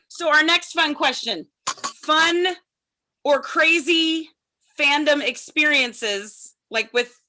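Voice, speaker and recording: A woman with a bright, higher-pitched voice hosts a relaxed group chat. She tells stories in a rambling way, with quick bursts and frequent restarts. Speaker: podcast host.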